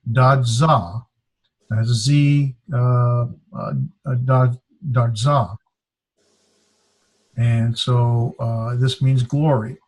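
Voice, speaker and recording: Slow, halting male teacher with a husky voice. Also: medium pitch, a little mellow. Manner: slow, halting, sounds out syllables. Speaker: Greek teacher. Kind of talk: classroom lesson.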